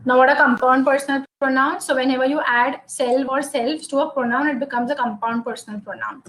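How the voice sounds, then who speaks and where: A woman gives a grammar lesson, with a high-pitched voice. She explains each point patiently, step by step, and checks in with the class by asking "okay?" after nearly every example. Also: steady tone, a little fast, fairly bright tone, low-quality recording. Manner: explanatory, says "okay?" often. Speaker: English grammar teacher. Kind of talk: classroom lecture.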